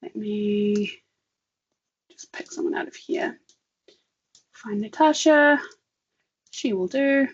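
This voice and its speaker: A woman co-hosting an online talk, chatting casually and thinking aloud while demonstrating software, laughing often. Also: medium pitch, takes it slowly, long pauses, slightly rough, lo-fi sound. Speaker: webinar co-host. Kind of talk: casual live demo chat.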